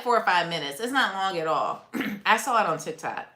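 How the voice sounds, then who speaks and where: A woman's voice: lowish voice, moderate pace, pushed and bright, echoey room. A woman hosting a casual livestream, chatting with viewers, laughing often and reacting to comments. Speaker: livestream host. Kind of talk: casual live chat.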